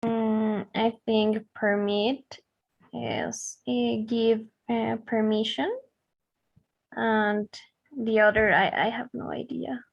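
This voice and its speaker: A woman's voice: a little high, level tone, slow, vocal fry, highs cut off. A woman student answering a teacher hesitantly in an online class.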